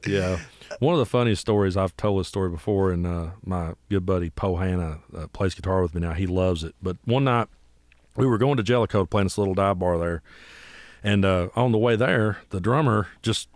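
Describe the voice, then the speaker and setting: Appalachian guy, musician, talks quick and low, tells stories animatedly, dry close mic. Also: dry recording. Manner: animated storyteller, acts out voices. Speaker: musician guest. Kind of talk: casual storytelling interview.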